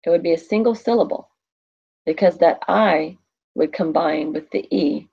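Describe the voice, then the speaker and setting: Gravelly-voiced woman teaching a lesson. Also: deep voice, moderate pace, long pauses, lo-fi sound. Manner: chatty, asks questions and answers them herself. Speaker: Spanish teacher. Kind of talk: recorded classroom lesson.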